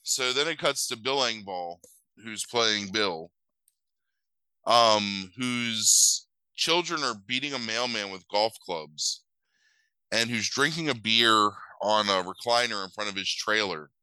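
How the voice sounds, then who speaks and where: This man is sick with a cold, and he talks through a film plot in loose, profane podcast chat, stopping often to fix his own story. His voice sits low but sounds bright and crisp. The mic is close and dry. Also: slow pace, dry recording, rough recording. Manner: rambling, crude, self-correcting retelling. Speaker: podcast co-host recapping a film.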